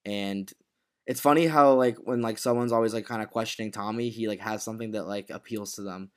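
A man's voice: lowish voice, steady tone, brisk, clean tone. A man co-hosting a casual podcast chat, animatedly retelling a TV episode with swearing and acted quotes. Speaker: podcast co-host.

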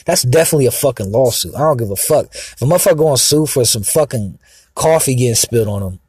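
Agitated man ranting profanely; husky, dry, mid-pitched. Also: lively intonation, fast talker, darkish tone, no room sound. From Mexican heritage. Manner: profane, agitated, rambling with many fillers. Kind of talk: rambling profane monologue. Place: outdoors, sitting in a car.

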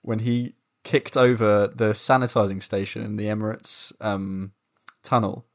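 A man's voice: lowish voice, unhurried. A man co-hosting a football podcast, ranting in casual, sweary chat. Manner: animated, swearing, ranting, restarts. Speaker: podcast co-host.

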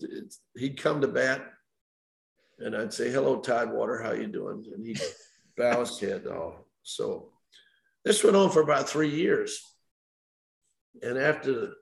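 A man's voice: medium pitch, creaky, reverberant. An older man, a former baseball umpire, telling anecdotes in an interview and chuckling at his own stories. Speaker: retired baseball umpire, guest. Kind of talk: storytelling interview.

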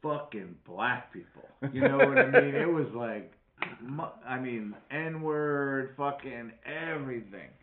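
A man's voice: mid-range voice, sing-song, takes it slowly. A middle-aged man from Wisconsin telling stories in casual chat, rambling and swearing freely. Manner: profane, rambling storyteller. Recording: echoey room, tinny phone-like sound.

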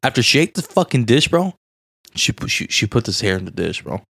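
A man's voice: mid-range voice, very animated, fairly quick, creaky, a bit bright, breathy edge, no echo, clean studio sound. A young man from Southern California on a podcast, telling crude stories full of swearing and "bro". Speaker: podcast co-host. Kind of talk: casual podcast chat.

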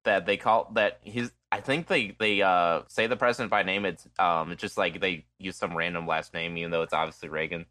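A man's voice: low-pitched, fairly even intonation, fairly quick, hardly any pauses, pushed and bright, no room sound. A man in casual podcast chat, hesitant and full of fillers.

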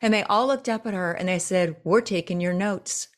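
Woman, coach, lively storyteller; jumps high when quoting others, conversational interview. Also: moderate pace. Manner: animated storyteller, acts out quotes with big pitch jumps. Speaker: presentation coach, guest. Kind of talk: casual interview chat.

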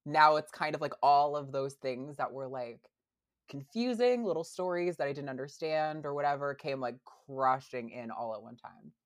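A young adult woman with a low-sitting voice speaks at a moderate pace. She's chatting casually as a podcast guest, and her hesitant talk is full of fillers and restarts.

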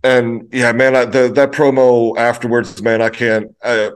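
A man co-hosting a casual podcast, talking in a halting, hesitant way with frequent restarts. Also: mid-range voice, little pitch movement, clear, resonant tone. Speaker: podcast co-host.

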